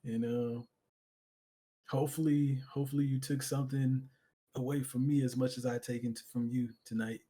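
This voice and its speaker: A man's voice: mid-range voice, flat delivery, moderate pace, dark tone. A male streamer appearing as a guest, speaking earnestly and reflectively in casual conversation, with frequent "you know" fillers.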